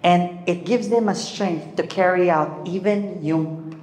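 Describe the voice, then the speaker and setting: A man with a Filipino accent preaching a sermon as pastor, animated and mixing in Tagalog while calling for amens. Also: high voice, unhurried. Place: church hall. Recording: echoey church hall with long reverb.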